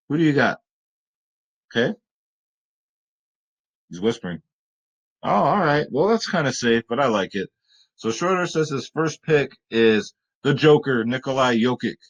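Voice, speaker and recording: Chatty joking man giving sports picks. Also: medium pitch. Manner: chatty and joking, talks to his cat. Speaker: fantasy sports picks host. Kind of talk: casual chat.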